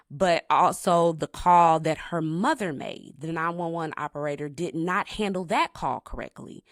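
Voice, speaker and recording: A woman's voice: deep voice, a bit bright, dry recording, studio quality. A woman co-hosting a true crime podcast, telling the case with intensity and indignation. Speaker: podcast co-host.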